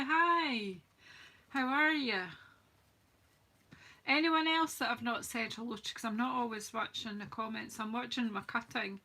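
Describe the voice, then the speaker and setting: A woman's voice: a little high, measured pace, bright, forceful tone. A middle-aged woman hosting a live cardmaking demonstration, chatting and poking fun at herself while greeting viewers. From United Kingdom. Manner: chatty and self-mocking, greets viewers from the comments. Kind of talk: live crafting demonstration, casual chat.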